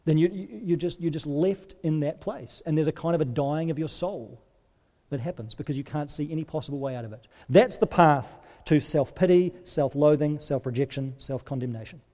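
A man preaching a sermon, earnest and dynamic, dropping to a hush for weighty moments and rising to stress key points. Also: on the high side, brisk. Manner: earnest, swings from emphatic to hushed. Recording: long reverb of a large hall.

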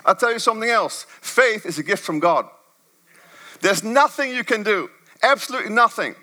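Lively, bright-voiced preacher man. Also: moderate pace. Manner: swings from low murmurs to high emphatic bursts. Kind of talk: sermon.

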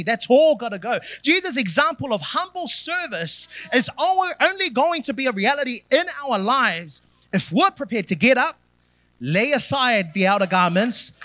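Male pastor, bright forceful preaching tone, emphatic build-ups. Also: extremely high pitch, dry recording. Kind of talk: sermon.

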